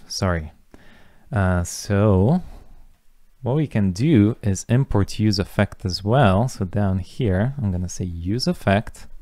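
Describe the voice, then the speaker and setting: A young man teaching a coding lesson, talking through each step as he types, with relaxed asides. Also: lowish voice, no room sound. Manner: talks through steps while typing, relaxed asides. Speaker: coding instructor. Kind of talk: casual screen-recorded coding tutorial.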